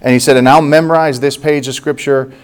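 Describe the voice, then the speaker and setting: A man in his forties, from the United States, preaching by telling a story from his own life. He acts out each person's lines and laughs at the funny parts. His voice sits at an ordinary middle pitch. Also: steady tone, brisk, clear, resonant tone. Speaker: pastor. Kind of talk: sermon storytelling.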